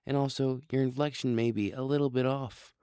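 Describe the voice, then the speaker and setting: A man imitating an AI voice, slow, with inflection a little off and words not quite right. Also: medium pitch, fairly even intonation, warm tone, clear, resonant tone, no room sound, studio quality, voice pushed up, close to an everyday voice. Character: slightly off AI voice.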